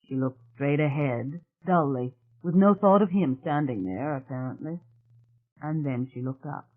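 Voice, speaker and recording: An audiobook narrator reading a thriller novel in a measured, even storytelling manner. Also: medium pitch. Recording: tinny phone-like sound.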